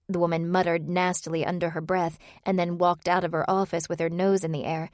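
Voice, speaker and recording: Her pitch fairly low, the narrator tells the novel evenly and with measure. It's clean studio audio, free of room sound.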